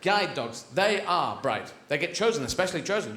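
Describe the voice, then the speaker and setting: A man's voice: on the high side, very animated, moderate pace. Rambling, whimsical male stand-up comic. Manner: rambling, whimsical, switching into voices. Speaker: stand-up comedian. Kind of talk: live stand-up comedy. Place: large theatre stage. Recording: echoey live venue, loud audience laughter. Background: audience laughter.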